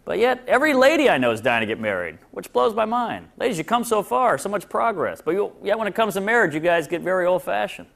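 A man's voice: high-pitched, sing-song, fast talker, gravelly, few pauses. A man in his thirties doing a stand-up set, wry and sarcastic, mimicking people he mocks. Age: 30s. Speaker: stand-up comedian. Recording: live club with loud crowd and noise. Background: audience laughter.

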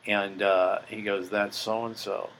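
A man's voice: lowish voice, flat delivery, slow pace, a bit bright, slight background noise, poor audio. An older man hosting a podcast, telling a story in a blunt, profane, boastful way. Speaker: podcast host. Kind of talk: casual storytelling monologue.

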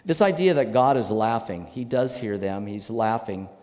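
A male pastor preaching a sermon, emphatic and animated, with sudden loud bursts. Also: on the low side, moderate pace. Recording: long reverb of a church hall.

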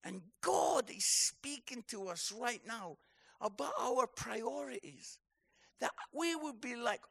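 A Scottish man preaches with passion and urgency. He speaks slowly, with a gravelly texture, and leans hard on repeated phrases. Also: extremely high pitch, expressive, a bit bright. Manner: impassioned, emphatic, repeats key phrases. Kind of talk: sermon.

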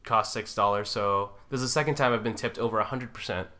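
A man with a Canadian accent co-hosting a podcast, chatting casually and joking with quick asides. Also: fairly low pitch, bright, forceful tone. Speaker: podcast co-host. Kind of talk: casual banter.

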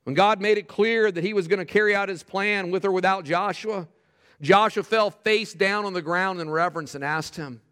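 A middle-aged male pastor preaching with a high, lively voice. He tells stories animatedly, tripping over his words as he starts sentences, then drops into quiet, fervent prayer. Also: normal speed, long reverb tail. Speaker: pastor planting a church. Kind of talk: sermon with storytelling.

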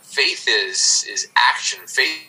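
A man's voice: mid-range voice, lively intonation, takes it slowly, bright, forceful tone, rough recording. A man, the podcast guest, telling his story in an earnest, reflective way. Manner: earnest, reflective, with many restarts. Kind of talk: conversational storytelling.

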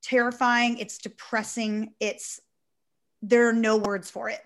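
A woman telling her story in a casual talk show, animated and full of "like". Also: on the high side, unhurried. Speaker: salon owner, guest. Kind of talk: casual podcast conversation.

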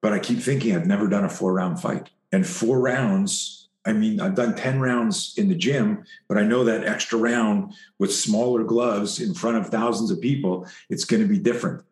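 A man's voice: fairly low pitch, a little mellow, echoey room, lightly acted. A man quoting a nervous young fighter. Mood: anxious. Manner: anxious, rushed confession. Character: nervous young male boxer before a fight.

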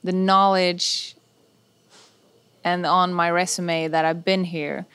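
A woman's voice: lowish voice, level tone, slow, a bit bright, clear, resonant tone, dry recording. A woman chef as an interview guest, giving sincere advice in a hesitant way, restarting her sentences often. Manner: hesitant, with frequent restarts and filler "uh". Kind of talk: casual conversational interview.

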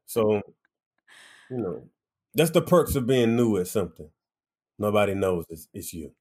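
A young man with a fairly low voice speaks in a relaxed, easygoing way. He is a musician guest in a casual interview, and he tells stories by playing out the voices of the people in them. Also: a little slow, husky. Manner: laid-back storytelling, acts out voices in anecdotes.

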